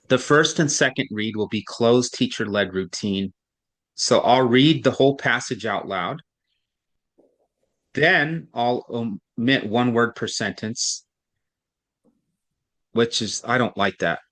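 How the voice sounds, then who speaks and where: A man tutors a single student in reading, with a voice neither high nor low. He explains patiently step by step and keeps checking for understanding. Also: a bit bright.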